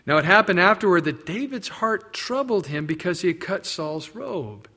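A male pastor teaches through a scripture passage, reading a verse and then explaining it in everyday words. His voice sits slightly high for a man. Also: very animated, normal speed, sharp tone. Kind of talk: expository sermon.

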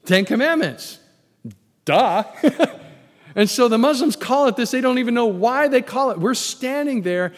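A male pastor preaching a sermon, telling stories in an animated, emphatic way. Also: very high voice, unhurried. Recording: long hall reverb.

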